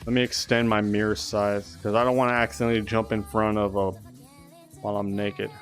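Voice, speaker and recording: A man's voice: lowish voice, little pitch movement, brisk, faint music behind. A young man chatting casually and rambling on a live stream, swearing often.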